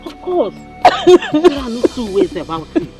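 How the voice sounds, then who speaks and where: A woman's voice: high-pitched, very animated, measured pace, music in the background. Soothing Nigerian noblewoman. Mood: reassuring. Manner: soothing, reassuring. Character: calm, assured noblewoman mother. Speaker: mother of Obiora. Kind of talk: film drama acting.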